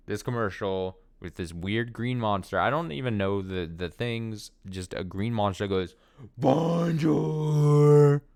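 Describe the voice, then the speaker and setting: A man giving casual gameplay commentary while reading through a story game, rambling, swearing and poking fun at himself. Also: low-pitched. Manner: swearing, self-deprecating, rambling. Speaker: let's player.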